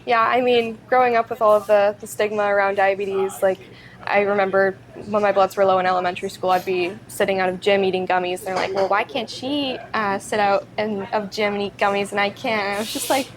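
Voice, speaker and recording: A woman's voice: mid-range voice, little pitch movement, fairly quick, poor audio. Chatty teenage girl, giggly. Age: teens. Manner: chatty, many fillers and giggles. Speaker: guest. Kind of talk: casual interview talk.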